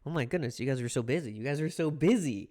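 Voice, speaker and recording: A man's voice: medium pitch, expressive, fast talker, warm tone. A man chatting casually on a live stream, playful and rambling, greeting his chat over and over.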